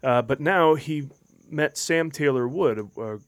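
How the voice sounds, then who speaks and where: A man's voice: a little high, a little slow, dry recording. A man hosting a podcast, steering the chat with wry questions. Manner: wry, leads the talk with questions. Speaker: podcast host. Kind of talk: casual chat.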